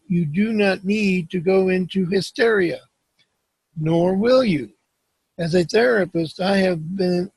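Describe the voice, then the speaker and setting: A man reading a self-help book aloud in a slow, measured way, with occasional slips and restarts. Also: high-pitched, a little mellow, breathy edge, dry recording, poor audio. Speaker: audiobook reader.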